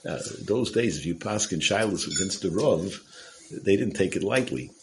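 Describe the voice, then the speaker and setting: Casual male storyteller, deep-pitched, teaching a moral tale, faint noise behind. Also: lively intonation, moderate pace, poor audio. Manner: casual, conversational, with fillers and restarts. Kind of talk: storytelling Torah talk.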